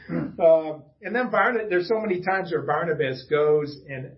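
A man's voice: fairly high pitch, lively intonation, slow, long pauses, highs cut off. A man preaching a casual, conversational sermon to a small church congregation. He talks in a chatty way, with self-deprecating asides and frequent restarts. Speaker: pastor.

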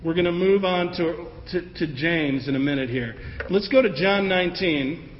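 A man preaching a sermon in a conversational, animated way, acting out the voices of the people in his story. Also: on the high side, normal speed, slight background noise. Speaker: pastor. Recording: roomy hall with long echo, dull sound, faint ambience.

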